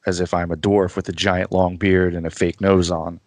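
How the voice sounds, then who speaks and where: A man chatting casually as a guest on a podcast, easygoing and quick to laugh at himself. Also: low voice, flat delivery, a little mellow, no room sound.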